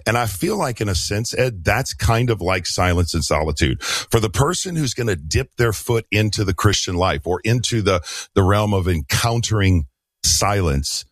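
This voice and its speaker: A man's voice: lowish voice, lively intonation, normal speed, a bit bright, dry recording. A man speaking as a radio guest pastor, earnest and emphatic, often repeating words as he builds a point. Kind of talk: radio interview, preaching tone.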